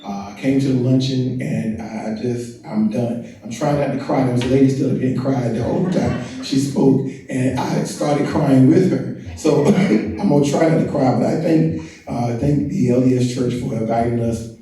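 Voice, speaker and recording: An older man, a family historian from North Carolina and Washington, D.C., speaks casually as a guest to an audience in a large event hall. His medium-pitched voice is warm and steady at a moderate pace, and he's chatty, self-deprecating, and joking with the crowd. The hall is echoey, and the mic sounds distant.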